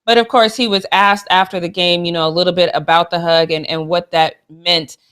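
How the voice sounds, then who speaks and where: A woman's voice: on the low side, fairly even intonation, brisk, a bit bright, clear, resonant tone. A woman co-hosting a sports talk show, gushing and emotional, with sassy trash talk. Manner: gushing and emotional, with frequent laughs. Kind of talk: casual sports chat.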